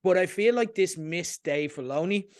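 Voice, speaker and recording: A man co-hosting a casual podcast, giving measured, reflective opinions and hedging them. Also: sits high, darkish tone. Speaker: podcast co-host. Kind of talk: casual chat.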